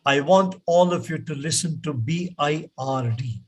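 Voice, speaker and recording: A man with an Indian English accent teaching pronunciation in an online class, slow and patient, repeating words for students to echo. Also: fairly high pitch, animated, husky.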